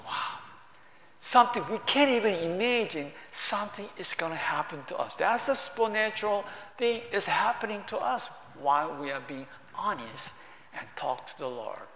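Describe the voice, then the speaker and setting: Slow, high-voiced preacher in an echoing hall. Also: male voice. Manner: warm conversational preaching in broken English, rising to emphatic bursts. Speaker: pastor. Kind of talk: sermon. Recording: echoey hall with long reverb.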